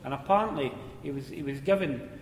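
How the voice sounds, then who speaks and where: A man with a Scottish accent telling an old mining anecdote in a relaxed, conversational way. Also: fairly high pitch, brisk, a little hiss or hum. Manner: conversational, relaxed, repeats words as he goes. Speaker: storyteller. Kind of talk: spoken anecdote of mining days. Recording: echoey hall with faint ambience.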